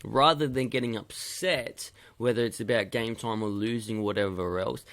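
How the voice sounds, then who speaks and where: A man's voice: fairly low pitch, normal speed, fairly bright tone. A male youth football coach giving stern feedback on match video, hammering his points home by repeating them.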